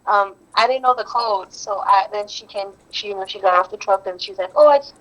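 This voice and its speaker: A woman's voice: medium pitch, fairly even intonation, normal speed, a bit bright, low-quality recording. A woman guest in an interview, answering casually and hesitantly, often restarting and repeating herself.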